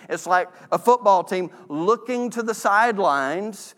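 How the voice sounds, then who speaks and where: A man's voice: sits high, lively intonation, normal speed, few pauses, a bit bright. A man preaching a folksy, humorous sermon. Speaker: pastor.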